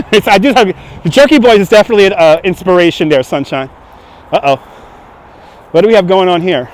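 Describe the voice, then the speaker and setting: A Brooklyn man with a fairly high voice runs a walking livestream on city streets. He is loud and joking and breaks into laughter often, with traffic passing outdoors behind him. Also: a little fast, long pauses. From Brooklyn, New York. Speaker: livestream host. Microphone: handheld phone on gimbal.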